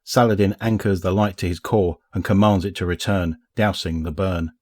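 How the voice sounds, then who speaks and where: A man narrating a story as an audiobook reader, in a measured, even way. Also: deep voice, no echo, clean studio sound. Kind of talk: scripted narration.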